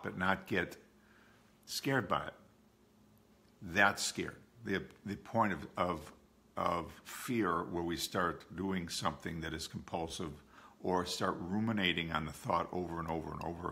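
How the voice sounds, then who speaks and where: A man's voice: low voice, vocal fry, sharp tone. A man in his sixties talking candidly and conversationally to a support group from his home, often repeating phrases for emphasis. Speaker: OCD educator and coach. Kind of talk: live-streamed talk to a support group.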